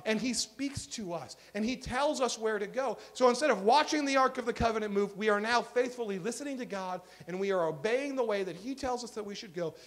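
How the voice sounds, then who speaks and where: A man with a high voice preaches to his congregation as their pastor. His delivery is earnest, pressing hard on key points and then dropping low and quiet. The sermon is given live in a church. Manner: earnest, swings from emphatic to hushed. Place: church sanctuary.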